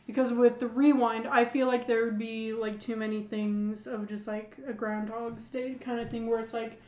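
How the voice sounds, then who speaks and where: A woman's voice: on the high side, flat delivery, moderate pace, darkish tone, reverberant. A woman co-hosting a podcast in casual chat, rambling and saying "like" constantly. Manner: rambling, heavy use of "like". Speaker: podcast co-host.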